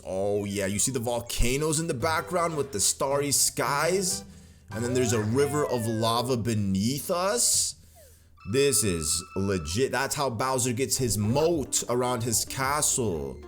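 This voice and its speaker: A man giving casual, slangy, rambling commentary while playing a video game. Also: lowish voice. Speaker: gaming video host. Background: video game music.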